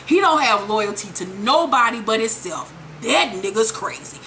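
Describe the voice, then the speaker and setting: Bright, high-voiced woman recapping a show. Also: moderate pace, a little hiss or hum. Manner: profane, animated storytelling. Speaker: TV recap vlogger. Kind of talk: casual episode recap.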